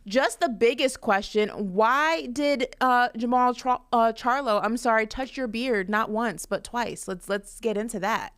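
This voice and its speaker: A woman's voice: fairly high pitch, unhurried, few pauses, fairly bright tone, clean tone. A woman co-hosting a podcast, asking a guest direct questions. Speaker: podcast co-host. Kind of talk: interview questions.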